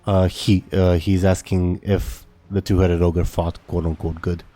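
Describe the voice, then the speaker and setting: Man, game master, tabletop game narration, halting speech with fillers, very slow, deep dark voice. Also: flat delivery. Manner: halting, full of fillers and self-corrections.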